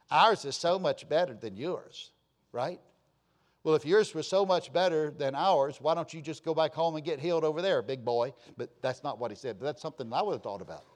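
Man, pastor, high voice, emphatic sermon, repeats phrases, sudden loud bursts.

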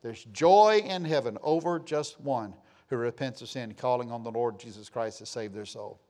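An aging pastor with a medium-pitched voice preaches at a moderate pace. His emphatic delivery calls for amens and moves between loud bursts and hushed lines.

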